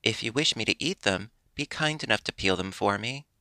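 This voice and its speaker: A man's voice: fairly low pitch, lively intonation, fairly quick, pushed and bright, no echo. A man voicing a fretful, greedy wooden puppet boy who wails and complains in a raised, strained voice. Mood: stubborn. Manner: wailing, fretful.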